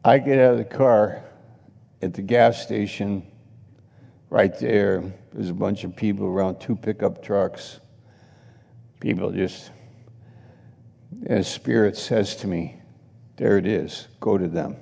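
Slow, gravelly man preaching in a hall. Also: on the low side, steady tone, mellow. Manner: chatty anecdotal preaching with laughs and acted quotes. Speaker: pastor. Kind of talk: sermon storytelling.

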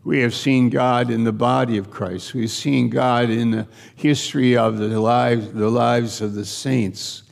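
A man's voice: mid-range voice, steady tone, unhurried, vocal fry, hardly any pauses, big-room sound. A man preaching a sermon in an earnest, conversational way, repeating his phrases for emphasis.

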